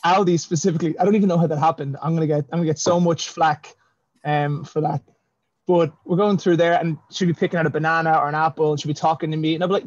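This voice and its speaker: A slightly high-voiced man talks over a video call, and the audio sounds dull and lo-fi. He is chatty and self-deprecating, laughs a lot, and often restarts his words. The sound is dry and close, with no room echo. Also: steady tone, fast, a little mellow, slightly rough. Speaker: self-published fantasy author, guest. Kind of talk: casual video-call interview.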